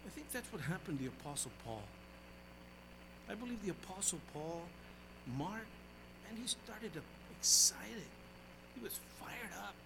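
Older guy pastor preaching, goes loud then quiet, faint hum in the background. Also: sits high, expressive, a little slow, vocal fry, long pauses. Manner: swings from loud exclamation to quiet asides. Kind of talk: sermon.

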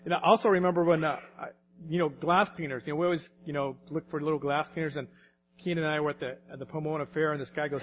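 A fairly high-voiced man past his late forties gives a sermon in a relaxed, storytelling manner, chuckling between points. The recording sounds a little dull, with a faint hum behind him. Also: fast talker. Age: late 40s or older. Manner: conversational, anecdotal, laughs often. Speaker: pastor.

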